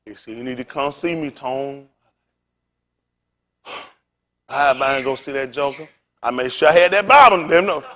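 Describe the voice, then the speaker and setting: A middle-aged pastor preaches by way of a street story, his slightly high voice breaking into animated, laughing bursts and loud exclamations.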